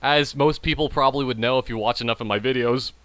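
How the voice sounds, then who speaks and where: A man's voice: mid-range voice, steady tone, fast talker, fairly bright tone, no echo. A man hosting a gaming channel, rambling and joking about beer while he plays. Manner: rambling, jokey, self-mocking; frequent trailing restarts. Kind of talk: casual gameplay commentary while drinking beer.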